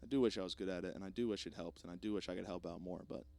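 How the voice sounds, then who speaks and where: A young man hosting a podcast, rambling through a jokey, self-deprecating solo monologue with plenty of swearing, swinging between loud bursts and mumbled asides. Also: low voice, racing, vocal fry. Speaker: podcast host.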